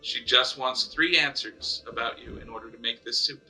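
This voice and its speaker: A man narrating as game master of a tabletop game, animated and often restarting phrases, with faint music behind. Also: mid-range voice, normal speed, rough recording.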